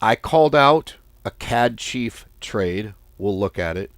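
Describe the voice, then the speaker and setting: A man's voice: takes it slowly, no room sound. A man hosting a forex trading channel, talking casually and bluntly to his viewers, often exasperated and swearing. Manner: lively, swings pitch and volume. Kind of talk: casual market commentary to viewers.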